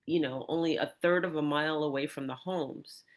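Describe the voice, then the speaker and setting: Podcast host, chatty animated storyteller, middle pitch. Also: brisk. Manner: animated storyteller, many restarts and asides. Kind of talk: storytelling in casual conversation.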